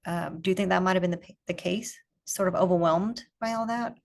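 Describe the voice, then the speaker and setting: A woman leading an online parenting coaching group on a video call, asking calm, curious questions and encouraging the parents. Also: fairly low pitch, a little fast, creaky.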